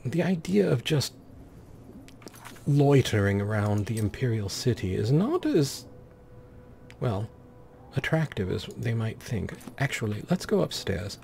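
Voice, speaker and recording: A man's voice: lowish voice, expressive, a little slow, creaky, warm tone, a little hiss or hum. A man hosting a let's play with commentary, speaking in an affected, pompous persona and calling the game characters darling and dear.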